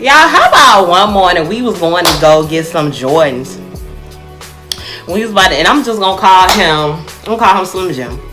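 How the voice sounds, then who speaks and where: A young woman telling a personal story to her viewers in a casual, animated way, often calling them y'all. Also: on the low side, moderate pace, music in the background.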